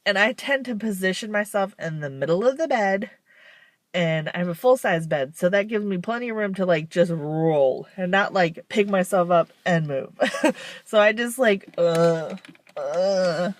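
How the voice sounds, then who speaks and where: This woman's lowish voice comes through unhurried and without echo as she chats to camera in a confessional vlog, rambling candidly and laughing wearily at herself.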